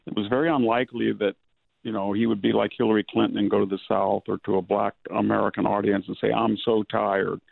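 A male guest, speaking by phone, in a measured manner, laying out long lists of examples. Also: fairly low pitch, level tone, vocal fry, dry recording. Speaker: guest commentator. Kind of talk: political interview over the phone. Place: home in rural California. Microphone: telephone. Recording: tinny phone line.

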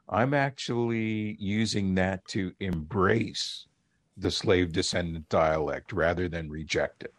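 A man who is a linguist guest, explaining on a call-in radio show in a measured, lecturing way with pauses. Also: lowish voice, no room sound.

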